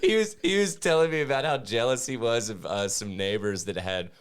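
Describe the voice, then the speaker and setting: A man's voice: mid-range voice, brisk, clear, resonant tone. A man co-hosting a podcast in casual chat, rambling and laughing often. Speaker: podcast co-host.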